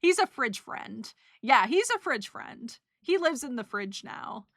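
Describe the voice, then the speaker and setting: A woman's voice: fairly high pitch, sing-song, a little slow, fairly bright tone, no echo, clean studio sound. A young woman casually recapping a trip for her stream, rambling and emotional, with giggles and lots of fillers. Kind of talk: casual chat.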